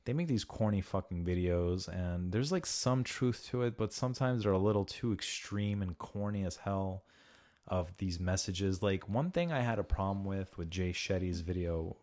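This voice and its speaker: A man's voice: deep voice, moderate pace, darkish tone. A man hosting a podcast, chatting casually and profanely, acting out quoted voices as he talks. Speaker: podcast host.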